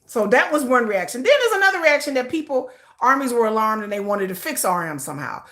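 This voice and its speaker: A woman's voice: a little high, lively intonation, fast, creaky, bright, forceful tone. Emotional woman host, close to tears. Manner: heartfelt, repetitive, building to frustration. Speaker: livestream host. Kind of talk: emotional casual commentary.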